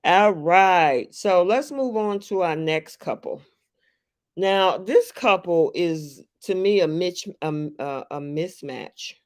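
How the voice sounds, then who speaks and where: Slow, chatty live-stream host. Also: medium pitch. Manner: unhurried, chatty, reads viewer comments aloud. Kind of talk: casual live chat about a reality show.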